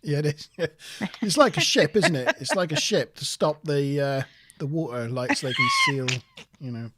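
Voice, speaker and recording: A man's voice: on the high side, lively intonation, moderate pace, a bit bright, slight background noise. A man from southwest England with a West Country accent, co-hosting a casual show in a rambling, hesitant, self-deprecating way. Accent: West Country English. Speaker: co-host. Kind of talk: casual podcast chat.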